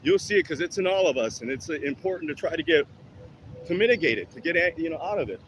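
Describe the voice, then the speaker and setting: A man's voice: fairly high pitch, lively intonation, fast talker. A man ranting with a lot of swearing during an outdoor workout vlog, winded between exercises, with traffic around him. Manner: profane, heated and preachy. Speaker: fitness vlogger.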